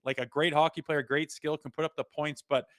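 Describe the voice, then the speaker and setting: A man co-hosting a casual hockey podcast, talking excitedly and rambling with lots of "like" as he breaks down plays. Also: a little high, fairly quick, no room sound, studio quality. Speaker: co-host; father. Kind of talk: casual sports podcast chat.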